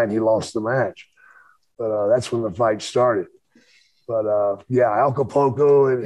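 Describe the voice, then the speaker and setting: Older man, husky and dry, profane storyteller co-hosting, casual and rambling. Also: mid-range voice, darkish tone, no echo, poor audio. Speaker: co-host, former wrestler.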